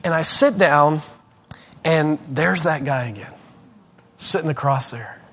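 Man, preacher, high pitched, animated, self-deprecating, sermon storytelling. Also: unhurried.

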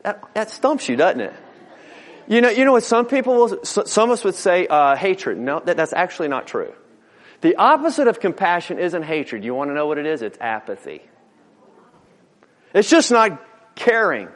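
A middle-aged male pastor preaching in a high voice, folksy and earnest, stacking up alliterative phrases and stumbling over repeated words. His sermon rings out through a large sanctuary with a long, lingering reverb. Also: big pitch swings, moderate pace.

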